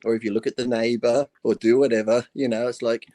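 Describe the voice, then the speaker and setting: A man in a relaxed talk-show chat, spinning jokes and stories in a loose, unhurried, offhand way. His voice sits at an ordinary middle pitch for a man. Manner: loose, joking storyteller. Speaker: regular co-host. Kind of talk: casual chat and joke telling.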